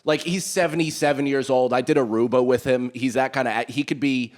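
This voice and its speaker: A man co-hosting a comedy podcast, telling stories in an animated way and swearing freely. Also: mid-range voice, fairly quick. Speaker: podcast co-host. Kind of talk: casual comedy chat.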